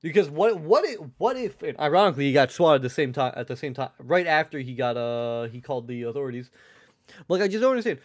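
A man's voice: fairly high pitch, big pitch swings, fast talker. A young man livestreaming, rambling casually, restarting sentences and swearing freely. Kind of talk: casual live-stream chat.

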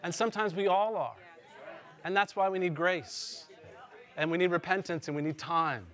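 A woman's voice: fairly low pitch, moderate pace, a faint crowd, close to an everyday voice. A male pastor quoting his wife in a sermon, a candid and kind woman speaking plainly. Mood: earnest. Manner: plain, warm-hearted frankness.

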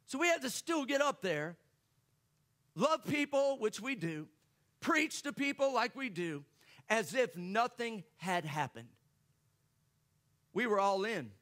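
A man's voice: sits high, a bit bright. A man preaching a sermon, telling a personal story and joking with the congregation. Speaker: pastor.

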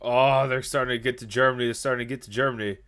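A man's voice: medium pitch, steady tone, very fast, fairly bright tone, smooth. A man giving casual, joking commentary on a strategy game and chatting to his viewers. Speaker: gaming YouTuber.

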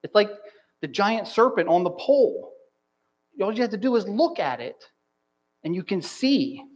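A man preaching a sermon as pastor in a church, stressing single words and slowing down on key phrases. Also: high voice, very animated, poor audio. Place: church sanctuary.

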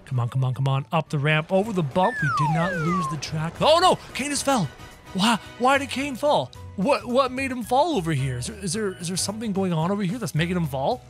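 A high, lively male voice giving running commentary on a game, excitable and quick to yelp at the action. His pitch jumps all over as he talks to his viewers. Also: music in the background. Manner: excitable, yelping at the screen. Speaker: gaming channel host.

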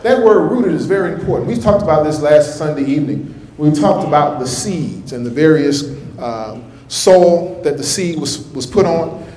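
A man's voice: on the high side, expressive, normal speed, dark tone. A male minister preaching a sermon in church, folksy and repetitive, with a rhythmic delivery. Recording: echoey church room.

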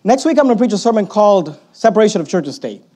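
A man with a high-pitched voice preaches from the pulpit. He swings hard between loud, emphatic bursts and quiet asides. His tone has a sarcastic edge. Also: very animated, very fast, breathy edge. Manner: sarcastic, mocking quoted opponents in put-on voices. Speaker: pastor. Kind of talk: sermon.

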